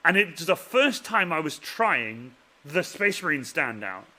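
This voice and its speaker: A man hosting a casual chat, telling animated stories that trail off quietly at the end. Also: unhurried. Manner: animated storyteller, voice drops low and trails off at the ends of stories. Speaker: host.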